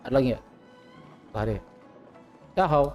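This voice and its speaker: Loud excitable male game streamer. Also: medium pitch, brisk. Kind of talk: casual gaming commentary. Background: game music.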